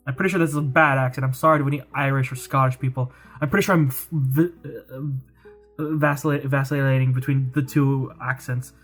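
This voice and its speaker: A woman's voice: rumbling low, fairly even intonation, a little fast. A woman hosting a let's play, chatting casually and self-deprecatingly about the game, over faint music. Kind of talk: casual gameplay commentary.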